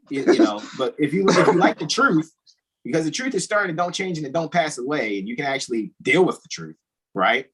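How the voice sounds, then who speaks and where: A man's voice: on the high side, very animated, moderate pace, a bit bright, slightly rough, rough recording. A man hosting a casual podcast, talking in an emphatic, preachy way and often repeating "all righty". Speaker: host.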